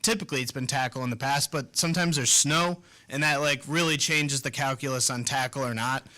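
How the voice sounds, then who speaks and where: A man's voice: medium pitch, fairly quick, bright, forceful tone. Young man rambling through sports chat. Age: 20s. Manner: rambling, laid-back, many fillers. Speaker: sports talk show co-host. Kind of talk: casual sports talk.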